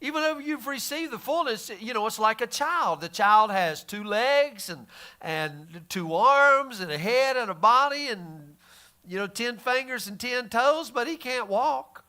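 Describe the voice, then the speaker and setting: A male pastor gives a conversational Bible teaching in a folksy, plainspoken way. His voice sits high and sounds bright and forceful. He often stammers and restarts his sentences as he thinks aloud. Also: expressive, unhurried.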